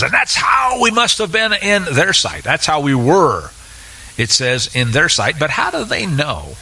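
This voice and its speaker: A man teaching through Scripture in an animated, sarcastic way, with many filler uhs. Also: on the high side, measured pace, gravelly, slightly rough, low-quality recording. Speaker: Bible teacher. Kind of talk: expository Bible teaching.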